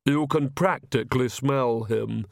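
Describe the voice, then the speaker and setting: A man voicing a suave, courteous young male vampire nobleman who speaks slowly and smoothly. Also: medium pitch, no echo, clean studio sound. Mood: silky.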